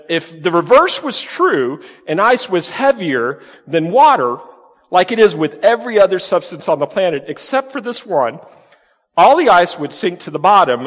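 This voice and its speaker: Conversational pastor in an echoing hall. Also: male voice, on the high side. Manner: conversational, animated preaching with rhetorical questions. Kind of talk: sermon. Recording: long reverb of a large hall.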